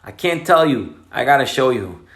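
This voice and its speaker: Wise third son, calm, quiet, patient, done by a man. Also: medium pitch, normal speed, pitched below the performer's own voice. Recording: roomy echo.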